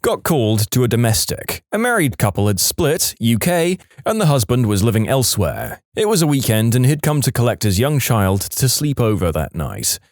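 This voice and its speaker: A man narrating a series of short storytime anecdotes, switching into quick put-on voices for the people he quotes. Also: medium pitch, very animated, no room sound, clean studio sound. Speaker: narrator reading stories.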